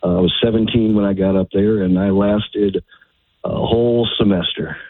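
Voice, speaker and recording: A man, calling into a radio show and speaking haltingly with fillers and repeats. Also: fairly low pitch, fairly even intonation, dry recording. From Texas. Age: 50s. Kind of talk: phone-in conversation. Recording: tinny phone line.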